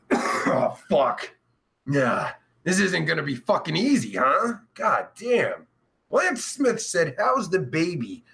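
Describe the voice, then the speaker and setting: A man hosting a crude livestream chat show, yelling, swearing and cackling as he reads comments. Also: mid-range voice, creaky. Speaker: host.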